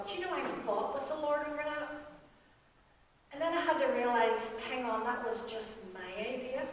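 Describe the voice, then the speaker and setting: A feisty, animated woman in her sixties, a pastor's wife giving a guest sermon in a church, often laughing as she talks. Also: high-pitched, slight background noise. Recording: echoey hall, mic from far off.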